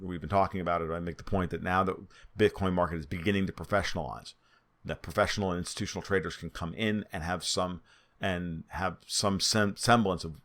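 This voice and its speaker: Over market charts, a man analyzes on his own in an off-the-cuff, twitchy way, tossing out ideas and frequently starting over. He has a New York accent, a nasal quality, and a low, gravelly, fairly bright voice.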